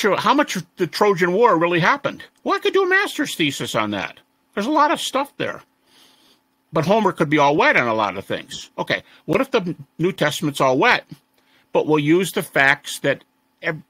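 A man being interviewed as a scholar, telling stories in a lively conversational way and mimicking the people he quotes. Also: fairly high pitch, normal speed, no echo. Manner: animated, mimics the voices of students he quotes. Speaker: interview guest, resurrection scholar. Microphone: audio-only interview recording.

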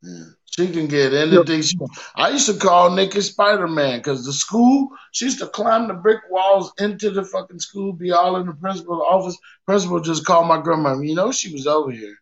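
A man's voice: high voice, fairly quick, lo-fi sound. A man on a podcast telling family stories with heavy swearing, acting out his own reactions in casual chat. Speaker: podcast co-host.

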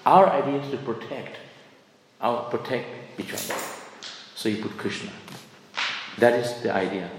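A man's voice: medium pitch, moderate pace, long pauses. A middle-aged man giving an informal scripture class, rambling and conversational, with many fillers and restarts. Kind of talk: informal sermon, storytelling. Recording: echoey hall, long reverb, faint hiss.

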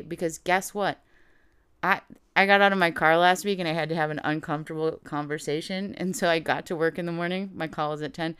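A woman co-hosting a podcast, telling animated stories with plenty of laughter in casual chat. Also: deep voice, fairly quick, clear, resonant tone, no echo, clean studio sound. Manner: animated storytelling, laughing often. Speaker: podcast co-host.

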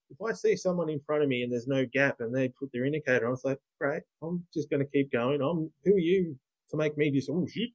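A man's voice: on the high side, a little mellow, dull audio. A man co-hosting a podcast in casual chat, blunt and opinionated, swearing freely. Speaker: podcast co-host.

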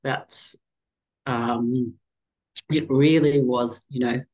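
A middle-aged woman as an interview guest, telling a personal story in a halting, emotional way with many restarts. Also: very deep voice, steady tone, a little mellow, poor audio.

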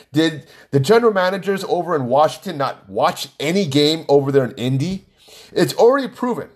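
A man hosting his own podcast, arguing emphatically and repeating himself, with rambling fillers. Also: fairly high pitch. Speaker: podcast host. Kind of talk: solo sports podcast rant.

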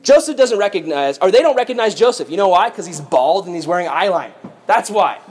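A man preaching through a Bible story in a lively, playful, jokey way. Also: sits high, quick pace, breathy edge.

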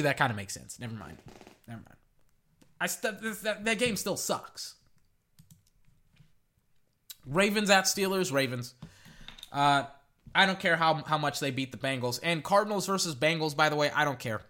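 A young man ranting through his weekend football picks in casual solo commentary, exasperated and jumping up and down in pitch. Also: sharp tone. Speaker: sports podcaster giving picks. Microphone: echoey metal can around the mic.

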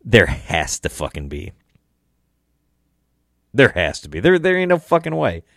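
Tired, deep-voiced man rambling on a podcast. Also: wildly swooping pitch, a little slow, gravelly, a bit bright, no room sound, clean studio sound. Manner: rambling, profane, laid-back. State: tired and tipsy. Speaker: podcast host. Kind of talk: casual solo podcast rant.

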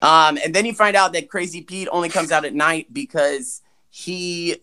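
A man with a bright, forward voice chats casually through a movie recap as a podcast co-host. He jokes, swears, and slips into quick impressions of the characters. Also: a little high, steady tone, clean tone. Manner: jokey, swearing, acts out characters' lines.

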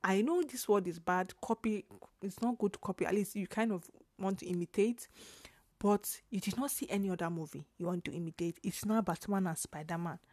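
Animated young Nigerian woman podcaster. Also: medium pitch, brisk, no echo. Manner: animated, laughing, frequent restarts and Pidgin asides. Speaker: podcast host. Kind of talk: casual solo podcast rant.

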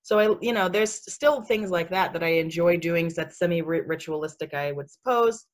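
Speaking at a normal speed in a fairly low voice, a woman who is a spiritual speaker chats casually on a podcast. Fillers pepper her sassy, talkative delivery, and she laughs a lot.

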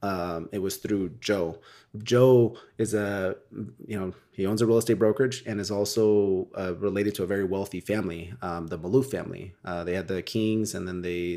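Rambling man chatting as a guest. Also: low voice. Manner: rambling, animated storytelling with frequent tag questions. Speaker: podcast guest, real estate wholesaler. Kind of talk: casual interview chat.

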